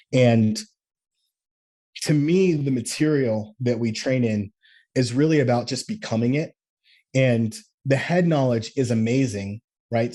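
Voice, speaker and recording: A man leading a men's coaching group call, talking earnestly and acting out little quoted exchanges. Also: mid-range voice. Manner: earnest, animated, acts out quotes.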